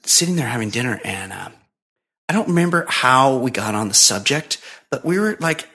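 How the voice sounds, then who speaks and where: A man's voice: mid-range voice, big pitch swings, normal speed, bright, forceful tone. A man co-hosting a podcast, telling a long story in casual, profane, rambling chat full of fillers. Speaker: podcast co-host.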